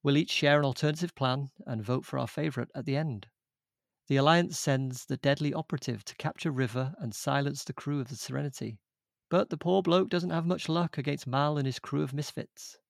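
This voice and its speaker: A man's voice: medium pitch, a little fast, gravelly, no room sound, studio quality. A man hosting a comedy podcast, reading segment intros with mock grandeur and cracking jokes. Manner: jokey, mock-grand announcements. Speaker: podcast host. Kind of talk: casual comedy podcast chat.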